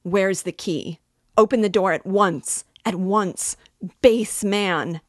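A woman's voice: takes it slowly, no echo, studio quality. A woman reading as a frantic, defiant young woman. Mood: furious. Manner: high, loud, frantic outbursts. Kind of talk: audiobook reading.

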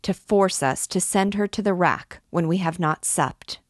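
A woman's voice: fairly low pitch, a little slow, dry recording, clean studio sound, close to an everyday voice. A woman voicing a grumbling old male judge who is irritable. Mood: peevish. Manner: complaining, irritable.

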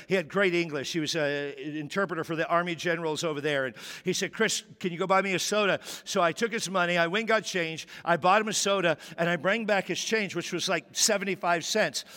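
Male pastor in his 50s, bright, slightly high voice, storytelling sermon with lively quoted voices, reverberant sanctuary. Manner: candid storytelling, animated quoting. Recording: long reverb of a large hall.

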